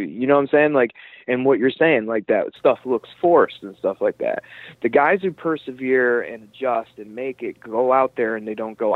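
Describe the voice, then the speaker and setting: A man's voice: mid-range voice, moderate pace, no room sound. A laid-back man talks through his betting picks in a loose, conversational podcast chat, swearing now and then. His voice comes through a thin, phone-like line with a dry, close sound and no room around it. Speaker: podcast co-host. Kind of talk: casual fight-betting chat.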